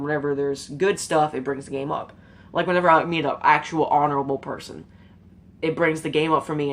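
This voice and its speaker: A woman giving an earnest, rambling opinion monologue to her viewers, casual and emotional, with fillers and some swearing. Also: sits low. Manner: rambling, informal, with frequent fillers and mild swearing. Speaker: YouTube commentator.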